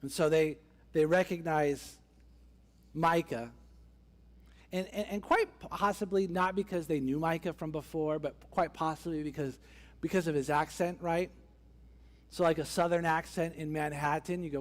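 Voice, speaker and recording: Speaking at normal speed in a slightly high voice, a pastor preaches conversationally from a church sanctuary. He performs the characters' voices throughout the story, with long church hall reverb on the recording.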